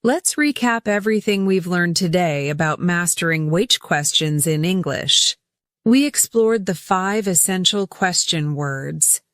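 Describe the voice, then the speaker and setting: Slow, low-voiced woman teaching English. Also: lively intonation, fairly bright tone, dry recording, clean studio sound. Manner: deliberate, repeats words for pronunciation drills. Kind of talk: scripted English lesson narration.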